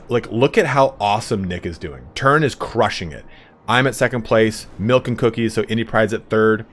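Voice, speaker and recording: A man's voice: on the low side, slight background noise. A young man chatting casually on a game stream, rambling and swearing freely, with lots of filler words. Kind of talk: casual live-stream chat.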